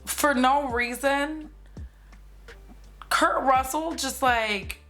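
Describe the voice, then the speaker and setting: A woman in her forties, a movie commentary streamer, gives a casual, sarcastic recap in a high voice with drawn-out words and a sharp tone. She's chatty, says "like" constantly, and swears freely.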